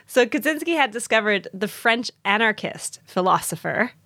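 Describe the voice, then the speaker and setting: A woman's voice: fairly high pitch, expressive, moderate pace, sharp tone, no echo. Woman podcast host explaining, dry sound. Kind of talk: casual storytelling chat.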